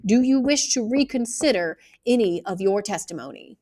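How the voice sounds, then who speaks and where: A woman reading aloud, voicing a calm older male lawyer who asks measured, probing questions. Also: mid-range voice, voice pushed up, natural voice.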